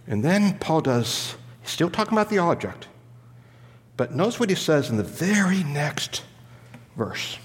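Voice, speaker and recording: A man's voice: a little high, sing-song, unhurried, big-room sound. A man preaching an expository sermon as a pastor, teaching in an emphatic way and stopping to explain the grammar of the Greek text.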